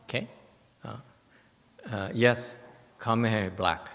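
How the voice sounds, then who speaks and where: A man teaching meditation in an informal talk, speaking haltingly with many restarts and repeated words. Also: fairly low pitch, steady tone, a bit bright. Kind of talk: informal dharma talk with questions. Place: meditation hall. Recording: long hall reverb.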